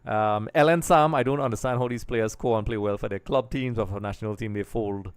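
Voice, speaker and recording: Trini guy hosting a live match stream, chatty, smooth clear voice, keeps greeting the chat. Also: lowish voice, a little fast. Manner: chatty, reads out viewer comments and greets them. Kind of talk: casual watch-along chat.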